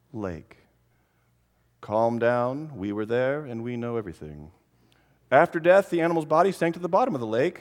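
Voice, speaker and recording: Animated man speaking in a reverberant hall. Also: on the high side, vocal fry. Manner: animated, playful, addresses kids directly. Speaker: creationist speaker. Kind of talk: lively conference talk to families.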